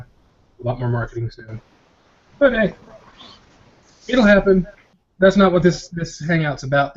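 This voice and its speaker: A man's voice: medium pitch, a little mellow, lo-fi sound. A man hosting a casual group video chat, rambling and laughing, often repeating his words. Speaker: host of a motovlogger hangout.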